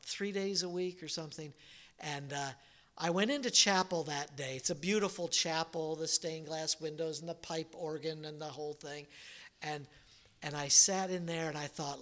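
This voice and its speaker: A man's voice: a little high, bright, forceful tone. A middle-aged male pastor preaching a sermon, telling a folksy, rambling story with many restarts.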